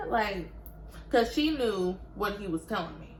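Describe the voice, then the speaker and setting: A young woman from Georgia in the US, telling a storytime in casual chat and getting loud whenever she quotes herself. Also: medium pitch, unhurried, reverberant, a little hiss or hum, poor audio. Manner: animated, swings loud when quoting herself. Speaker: vlogger.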